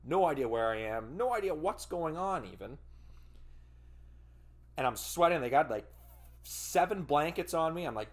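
A man hosting a podcast, telling a personal story in casual, profane, rambling speech. He fumbles for words and breaks into loud, animated bursts. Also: a little high, normal speed. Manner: animated retelling with loud outbursts. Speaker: podcast host.

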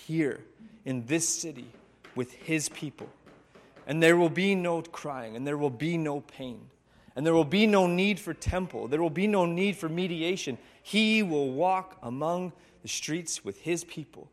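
Male pastor telling a sermon story, unhurried, reflective, with long pauses. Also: on the high side. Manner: slow, reflective, with dramatic pauses.

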